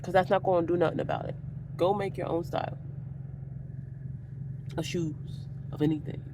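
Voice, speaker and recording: A woman's voice: on the low side, steady tone, moderate pace, noisy background. A woman vlogger talking in a rambling, profane, casual rant that keeps going off on tangents. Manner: profane, goes off on tangents, laughs a lot.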